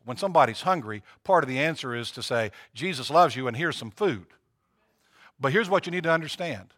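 A man's voice: mid-range voice, fast, fairly bright tone. A man preaching a sermon to his congregation, talking casually with emphatic repetitions and swelling to fervent peaks. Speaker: pastor.

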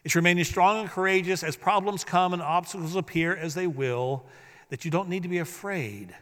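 A man's voice: high voice, fairly quick, a bit bright. A man preaching a sermon as pastor, leading the congregation in repeating lines back to him. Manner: preaching, leads the congregation in call-and-response. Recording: echoey hall.

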